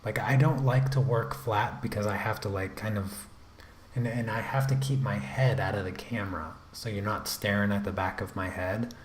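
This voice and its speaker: A man, the artist and host of his channel, giving relaxed running commentary while he draws. He rambles to himself, trips over restarts and drops self-deprecating asides, as if at his desk at home. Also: on the low side, normal speed, noisy background. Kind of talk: casual running commentary while drawing on a livestream.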